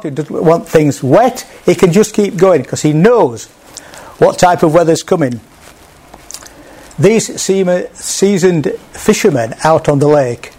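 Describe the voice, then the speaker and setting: This man's voice sits a little high and has a darkish tone. He preaches a sermon in a plain, conversational way, with small restarts, and acts out quoted speech.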